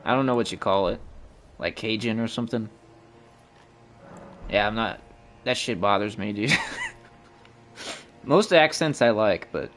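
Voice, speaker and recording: A young Midwestern American game streamer chats casually with his viewers while playing live, rambling and cursing freely. His voice is on the low side and a bit bright.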